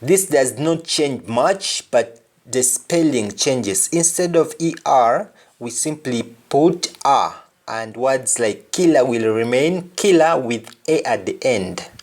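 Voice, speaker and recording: A male teacher walks through a pronunciation lesson at an unhurried crawl. He says each word carefully and repeats it so the listener can copy the sound. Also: mid-range voice, expressive, a little mellow. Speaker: language teacher.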